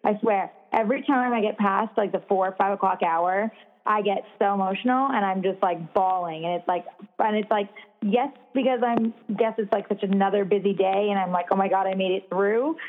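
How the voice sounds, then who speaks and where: A young woman talks in a loose, rambling way, packing her sentences with "like" and the odd swear word. Her voice sits at an ordinary middle pitch. The sound is narrow and thin, as if heard over a phone. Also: fairly quick. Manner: rambling, full of "like", swears freely. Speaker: podcast co-host, new mother. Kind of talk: casual chat.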